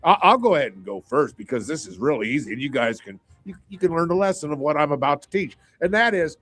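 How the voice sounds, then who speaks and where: A man's voice: fairly high pitch, big pitch swings, quick pace, a bit bright. A man on a sports radio panel, telling his picks at length with emphatic, rambling restarts. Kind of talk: casual radio sports chat.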